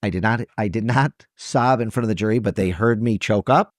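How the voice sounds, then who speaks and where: A middle-aged trial lawyer from Michigan, USA speaks earnestly and emotionally as a podcast guest in a conversational interview, often restarting and correcting himself. His lowish voice is brisk. The sound is clean studio quality with no room sound.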